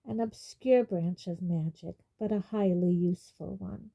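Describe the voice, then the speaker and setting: A woman voicing a cold, sneering male wizard teacher who speaks in a quietly waspish, silky way. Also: on the low side, a little slow, gravelly, husky, highs cut off, heavily acted.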